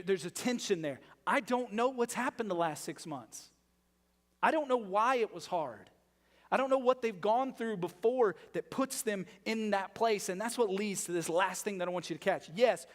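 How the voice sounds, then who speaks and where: A male pastor giving a sermon, emphatic and full of rhetorical questions, moving between loud and hushed delivery. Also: high-pitched. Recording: long reverb of a large hall.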